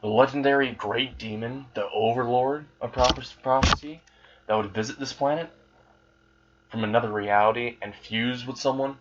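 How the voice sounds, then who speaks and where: A man voicing an eager female devil servant who is a starstruck fan, talking in a hurried, curious way. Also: medium pitch, steady tone, lo-fi sound, a little hiss or hum, natural voice.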